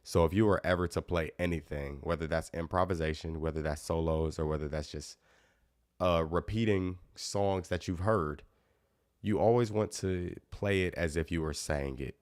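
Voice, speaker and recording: A man's voice: low-pitched, moderate pace, dry recording, studio quality. A man teaching guitar in a casual live Q&A, chatting easily and reading out viewer comments.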